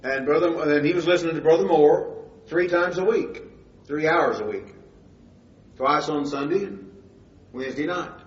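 A man's voice: fairly high pitch, moderate pace, pauses often. An older man preaching a sermon, telling his testimony in a conversational storytelling way that rises to emphatic moments. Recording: distant, roomy, dull-sounding recording.

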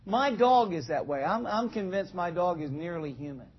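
A man's voice: high-pitched, normal speed, breathy edge. A man preaching a conversational sermon to a church congregation, asking them questions and acting out little scenes. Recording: dull lo-fi sound.

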